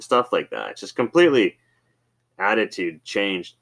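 A man's voice: lowish voice, very animated, measured pace, fairly bright tone. A man hosting a podcast, telling loose, rambling stories with swearing and many fillers. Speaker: podcast host. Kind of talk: casual storytelling monologue.

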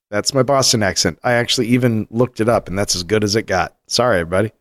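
A man co-hosting a podcast in casual chat, animated and rambling, laughing often and restarting his sentences. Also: fairly low pitch, fast talker. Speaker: podcast co-host.

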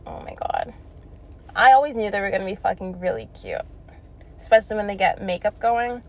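A woman's voice: medium pitch, brisk, darkish tone, a little hiss or hum. A young woman telling a story in a blunt, profane casual rant, laughing between lines. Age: young adult. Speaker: vlogger.

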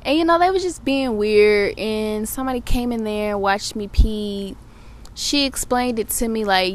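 Animated, profane young woman telling a story. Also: a little high, moderate pace. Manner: profane, animated retelling of her day. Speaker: podcast host. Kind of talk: casual storytelling monologue.

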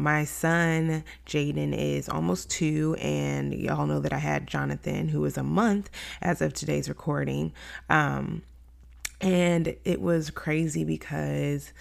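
A woman's voice: low-pitched, creaky. A young woman hosting a faith-based podcast, telling a candid personal story and acting out her own quoted thoughts. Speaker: podcast host.

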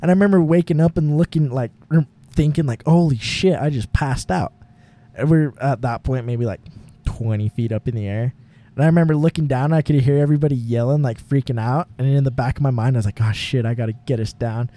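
A man's voice: medium pitch, a little fast, warm tone. Laid-back young man telling a rambling story. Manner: rambling, filler-heavy, laughs often. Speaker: podcast co-host. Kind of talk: casual storytelling chat. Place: home garage.

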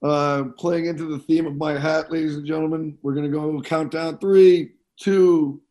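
A man with a slightly raised pitch talks as an upbeat podcast co-host. He gives quick film recommendations with a playful showman flair. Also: level tone, darkish tone. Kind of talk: casual podcast chat.

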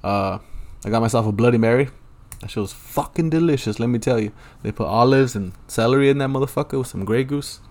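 A man's voice: mid-range voice, quick pace, hardly any pauses, darkish tone. A young man hosting a solo podcast, rambling casually and swearing a lot in a laid-back way. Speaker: podcast host. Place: Los Angeles, at home.

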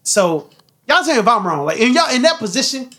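A young man telling a story in casual chat, animated and profane, acting out what people said. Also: extremely high pitch, fairly quick. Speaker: podcast host telling a story.

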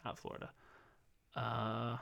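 A man in his twenties hosting a sports podcast in casual chat, rambling with lots of fillers and restarts, his voice going a bit hoarse. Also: mid-range voice, completely flat delivery, slow pace, a bit bright. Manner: rambling, filler-heavy, self-correcting. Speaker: podcast host.

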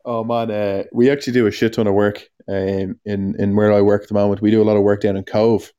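A low, warm male voice in loose podcast banter, leading into a prank story with easy humor. He talks plainly and casually, and often laughs at his own jokes. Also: little pitch movement, quick pace, smooth, highs cut off. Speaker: podcast co-host. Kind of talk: casual chat.

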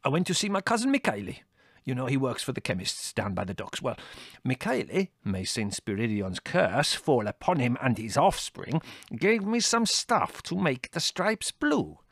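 A man's voice: mid-range voice, sing-song, a bit bright, husky, no room sound, studio quality, voice pushed up, full character voice. A man putting on a wailing café owner. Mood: indignant. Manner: theatrical, wailing, slow and drawn out. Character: melodramatic Greek male café owner, despairing.

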